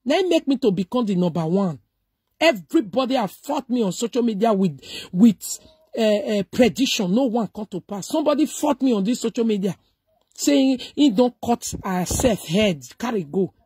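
A woman's voice: fairly high pitch, animated, moderate pace, warm tone, slightly rough, dry recording, studio quality. A middle-aged woman with a Nigerian accent giving emphatic, preachy commentary, mixing Pidgin and English. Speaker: social media commentator. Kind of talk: casual commentary.

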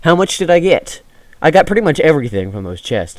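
A man's voice: on the high side, big pitch swings, fast. Jumpy, rambling gaming YouTuber man. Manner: jumpy, rambling, yelps when startled. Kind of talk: let's play commentary.

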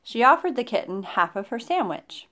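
Woman storyteller, lively pitch, chatty asides, children's read-aloud. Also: moderate pace. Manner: warm-toned, chatty asides with laughs.

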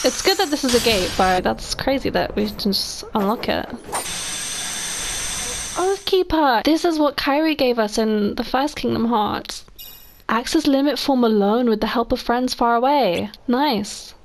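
A young woman doing let's play commentary, excitable and emotional, talking back to the screen. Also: on the high side, a little slow, noisy background. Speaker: gamer host.

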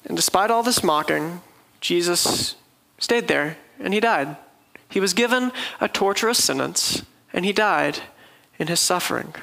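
Guy preaching a sermon, higher voice, bright and kinda sharp, earnest storyteller. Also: lively intonation, a little slow, vocal fry, poor audio. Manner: earnest storytelling, vivid retelling.

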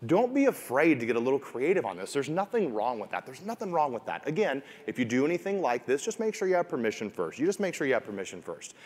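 Man, real estate coach, seminar talk, energetic, repeats himself, acts out quotes. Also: mid-range voice, fast, hardly any pauses. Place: room with an audience. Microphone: wearing a mic.

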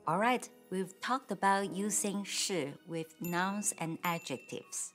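Female language teacher, calm step-by-step explanations, slightly low voice, takes her time. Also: soft background music. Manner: slow, clear, patient explanation with model sentences. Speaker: Mandarin teacher. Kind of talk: grammar lesson.

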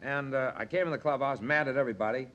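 A man guest on a 1960s television variety show, telling lively stories with a gruff, animated storyteller's manner. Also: medium pitch, fast talker, lo-fi sound. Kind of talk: anecdote-telling chat. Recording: 1963 studio show, audience behind.

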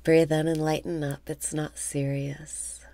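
A woman leading a guided meditation with calm breath cues, often dropping into a half whisper. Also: deep voice, a little slow, dry recording.

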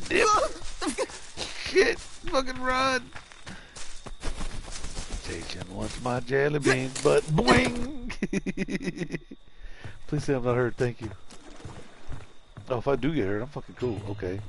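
A young man giving profane, jokey live commentary while playing a horror game, yelling when startled and putting on silly voices for the killer. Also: high voice, creaky. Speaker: game streamer. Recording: noisy home stream audio.

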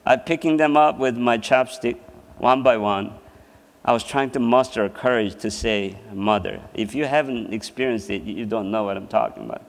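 A man's voice: mid-range voice, normal speed. A man giving a sermon as a seminar presenter, telling a personal story and laughing often as he talks. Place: church hall. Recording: long hall reverb.

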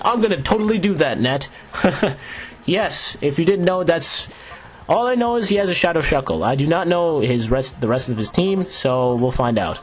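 A man casually commenting on his own video game play, chatty and excitable, laughing often. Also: fairly high pitch. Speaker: Let's Play host. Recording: game music playing underneath. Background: video game music.

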